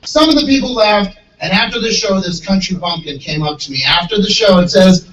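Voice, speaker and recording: A man performing a stand-up comedy set, telling stories and jumping into high voices for the people he quotes. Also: a little fast, lo-fi sound. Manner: animated storyteller, jumps into high voices for quoted characters. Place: gun store event space. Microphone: handheld microphone. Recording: echoey room, mic heard from a distance, faint hiss.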